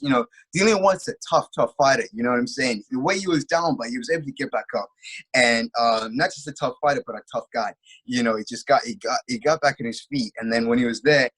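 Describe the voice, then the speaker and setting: A man's voice: medium pitch, fairly bright tone, slightly rough, rough recording. A man co-hosting a casual chat, telling a fight story with lots of filler phrases. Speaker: co-host.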